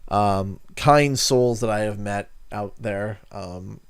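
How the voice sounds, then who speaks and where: A man's voice: lowish voice, takes it slowly, smooth. A young Canadian man chatting casually on a gaming livestream, telling friendly, rambling stories. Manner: rambling, friendly storyteller who acts out quotes. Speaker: gaming streamer.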